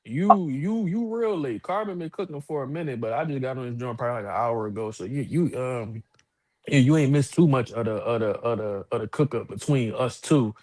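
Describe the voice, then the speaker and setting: A man, co-hosting a casual boxing talk show, telling animated stories, acting out other people's voices and cursing freely. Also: medium pitch, brisk. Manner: animated storytelling, puts on voices of others, profane. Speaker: co-host of a boxing podcast. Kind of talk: casual chat.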